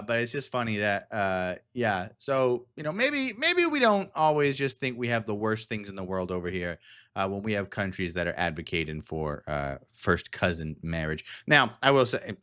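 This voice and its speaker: A man's voice: on the low side, very animated, normal speed, pushed and bright, clear, resonant tone. A man hosting a casual commentary podcast, rambling and digressive with frequent laughs. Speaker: podcast host.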